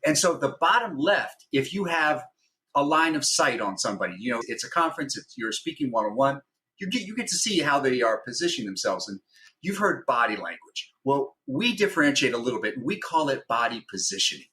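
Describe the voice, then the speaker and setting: Bright-voiced man explaining methodically. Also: mid-range voice, big pitch swings, fairly quick. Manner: methodical, teaching step by step with frequent "right?". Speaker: guest, former hostage negotiator. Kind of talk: explaining, instructive podcast talk.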